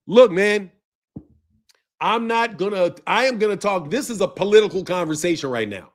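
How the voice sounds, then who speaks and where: Laughing, high-pitched man ranting. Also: expressive, normal speed. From United States. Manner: loud, profane, laughs often between lines. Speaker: boxing commentary channel host. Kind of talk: ranting commentary.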